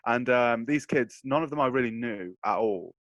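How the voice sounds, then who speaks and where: Young guy on a podcast, slangy and animated, dry close sound. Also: medium pitch, moderate pace, dry recording, muffled recording. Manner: animated storyteller, slangy, laughs through his telling. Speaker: podcast co-host. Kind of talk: casual podcast chat.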